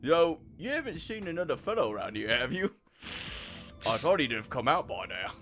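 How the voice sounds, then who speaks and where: A man's voice: a little high, moderate pace, faint music behind. A man voicing a chatty, trolley-obsessed male miner in a game, with a put-on Cockney accent. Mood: hearty. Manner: lively, hearty storybook delivery. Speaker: streamer reading game dialogue. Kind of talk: voicing video game dialogue.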